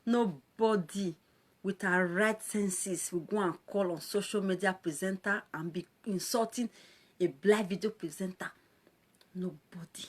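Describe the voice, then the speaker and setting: A woman's voice: medium pitch, a little slow, husky. A woman with a Nigerian accent, a social media presenter ranting on a live video, mocking and scolding her callers and laughing often between lines.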